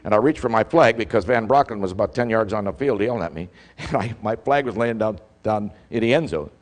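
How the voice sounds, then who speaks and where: An older man, a former football official, telling an animated story as a speaker, acting out the calls he shouted. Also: lowish voice, brisk. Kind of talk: storytelling speech. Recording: long hall reverb.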